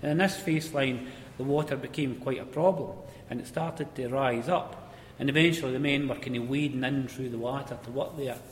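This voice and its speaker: A man with a Scottish accent telling an old mining anecdote in a relaxed, conversational way. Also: medium pitch, normal speed, few pauses, slight background noise. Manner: conversational, relaxed, repeats words as he goes. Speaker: storyteller. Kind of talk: spoken anecdote of mining days. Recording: echoey hall with faint ambience.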